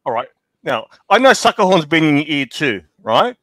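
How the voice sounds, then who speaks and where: A man's voice: fairly high pitch, very animated, fairly bright tone, dry recording. A man on a livestream panel chatting casually, brash and needling as he grills the host. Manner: brash, needling, fast-talking.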